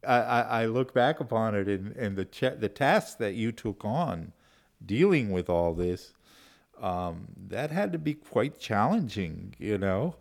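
Man, lowish gravelly voice, thoughtful interview guest who restarts phrases. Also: expressive, unhurried. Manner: warm-hearted, thoughtful, repeats words. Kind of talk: reflective conversation.

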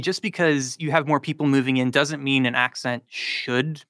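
A male linguistics professor from North Carolina explains his findings in a fluent, lecturing way, with frequent likes and ums. His voice is bright and forward, and it sounds close and dry in the studio. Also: mid-range voice, steady tone, moderate pace, no room sound. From South Charlotte, North Carolina. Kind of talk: radio interview answers.

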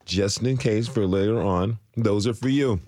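A man's voice: fairly low pitch, unhurried, warm tone, no echo. A man hosting a radio interview show from a studio, upbeat and curious as he asks his guests questions.

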